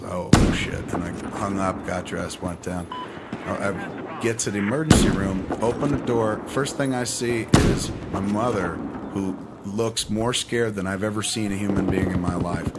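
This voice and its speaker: A man's voice: deep voice, very noisy. A man on a podcast telling a personal story, profane and emphatic, acting out the people in it. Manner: profane, emphatic, animated retelling. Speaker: podcast guest. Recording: podcast audio under loud gunfire. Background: loud video game gunfire and explosions.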